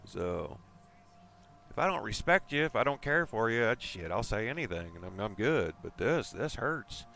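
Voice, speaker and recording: A man's voice: lowish voice, big pitch swings, normal speed, creaky, fairly bright tone, soft background music. A man chatting casually with his live viewers, rambling and teasing. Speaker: live streamer.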